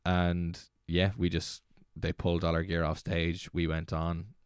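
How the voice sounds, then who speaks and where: A young Irish man in his twenties, a DJ telling a rambling, excitable story as a guest. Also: low voice, unhurried, clear, resonant tone, dry recording, clean studio sound. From Ireland. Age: 20s. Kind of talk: casual storytelling.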